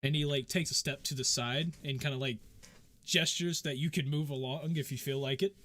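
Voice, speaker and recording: A man's voice: medium pitch, steady tone, moderate pace, a bit bright. Rambling man running a tabletop game. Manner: casual, filler-heavy, rambling narration. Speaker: game master.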